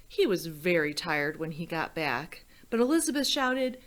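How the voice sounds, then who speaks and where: Slow, expressive woman reading a children's story. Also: lowish voice. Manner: gentle, expressive, addressing children.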